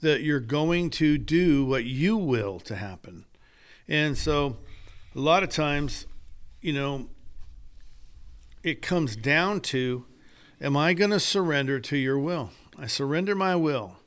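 A man's voice: on the high side, expressive, slow, long pauses, a bit bright, clean tone. An older man, a guest author, telling stories in an earnest, preacher-like way during a casual podcast conversation. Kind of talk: casual chat.

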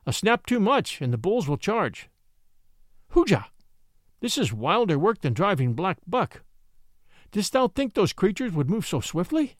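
A man voicing a young boy raised by wolves, urgent and quick to give orders in an audiobook story. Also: sits high, big pitch swings, no echo, clean studio sound.

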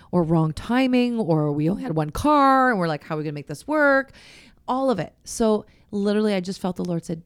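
Middle-aged woman podcast host, chatty and candid, goes quiet and hushed sometimes, dry mic. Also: lowish voice, no echo. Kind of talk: faith-based casual chat.

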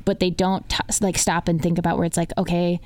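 A woman's voice: fairly low pitch, flat delivery, brisk, darkish tone, dry recording. A young woman, a medical student co-hosting a podcast, talking casually and rambling with lots of filler words. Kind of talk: casual chat.

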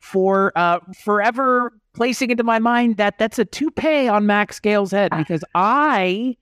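A man co-hosting a casual podcast discussion, animated, who laughs often and wanders into asides. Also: sits high, measured pace, clean tone, no echo, studio quality. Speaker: podcast co-host.

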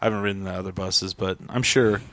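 A man's voice: low-pitched, fast, no echo. A man telling a story in casual chat, acting out the people he quotes. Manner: animated, acts out quotes with squeals.

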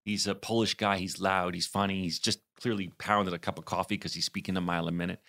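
A man's voice: sits low, fast talker. A man in his forties co-hosting a podcast, telling a story in a rambling, chatty way with many fillers. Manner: rambling with fillers, animated retelling. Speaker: podcast co-host. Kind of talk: casual storytelling chat.

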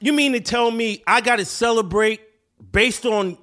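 A man co-hosting a podcast, swearing and mocking in lively casual chat. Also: very high-pitched, moderate pace. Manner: profane, animated, mocking. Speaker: podcast co-host.

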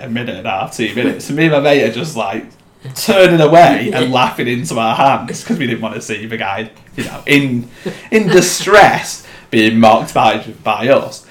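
A man co-hosting a podcast, telling stories in a casual, animated way. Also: medium pitch, moderate pace, reverberant. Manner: animated storyteller, shouts when acting out others. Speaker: podcast co-host. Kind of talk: casual chat.

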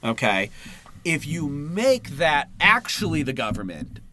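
A man's voice: fairly high pitch, sing-song, a little slow, bright, forceful tone, a little hiss or hum. A man co-hosting a podcast, reading a political text aloud and breaking off into profane, casual asides. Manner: swears freely and breaks into asides mid-reading. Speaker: podcast co-host.

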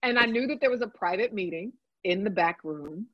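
A woman telling a lively story in casual chat, swearing freely and adding chatty asides. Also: medium pitch, fairly quick, no echo, muffled recording. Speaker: podcast guest, works on a TV set.

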